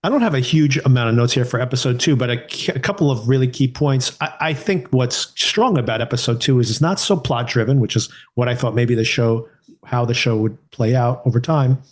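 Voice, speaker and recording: A man's voice: medium pitch, brisk. Male podcast co-host, easygoing mid-range voice, conversational reviewer who muses and questions as he goes. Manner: conversational, thinking aloud with restarts and rhetorical questions. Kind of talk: casual TV review chat.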